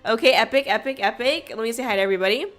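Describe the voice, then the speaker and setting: A young woman hosting a casual livestream, bubbly and chaotic, greeting her chat loudly and laughing often. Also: on the high side, very fast, faint music behind. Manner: frequent laughter. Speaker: streamer host.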